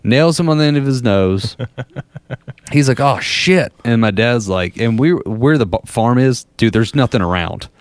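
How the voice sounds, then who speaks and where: Again it's a man in his thirties or forties chatting casually, spinning rambling, profane tales and chuckling at them himself. His medium-pitched voice is a little mellow, with lively intonation and a moderate pace, and there's no room sound.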